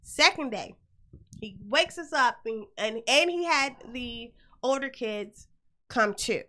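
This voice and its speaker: A middle-aged woman with a high, bright voice tells a story to her listeners. She talks bluntly and swears freely, and she keeps the telling animated. The setting is a casual hosted chat. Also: slow. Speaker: host.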